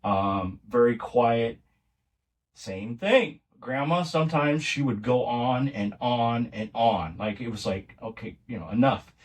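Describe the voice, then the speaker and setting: A man's voice: mid-range voice, slow, far from the mic. A middle-aged man, a podcast guest, telling family stories in a casual, rambling way with many restarts. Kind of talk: casual conversational storytelling.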